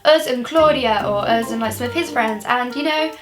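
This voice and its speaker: A woman's voice: on the high side, normal speed. A young woman chatting through a personal story for her vlog, rambling and full of "like" fillers. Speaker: vlogger. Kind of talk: casual storytime. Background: background music.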